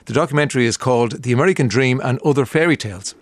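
A man's voice: medium pitch, racing, no echo. An Irish man hosting a radio show, chatting casually and reading out listener messages with frequent "uh" fillers. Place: radio studio.

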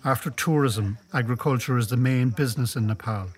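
A man presenting a radio documentary in calm, measured scripted narration. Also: mid-range voice, husky.

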